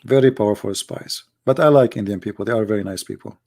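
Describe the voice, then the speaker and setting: Creaky-voiced man hosting a livestream. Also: on the low side, fast. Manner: animated storyteller in non-native broken English. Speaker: livestream host. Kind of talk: casual livestream chat.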